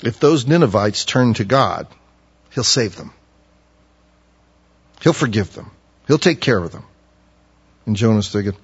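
A man preaching a sermon, acting out the prophets he quotes in loud, pleading bursts. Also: fairly low pitch, expressive, unhurried, pauses often, husky. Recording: muffled audio with long hall reverb.

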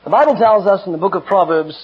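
A man's voice: sits high, fast, slightly rough. A middle-aged man preaching an earnest, emphatic sermon with personal stories. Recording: dull lo-fi recording.

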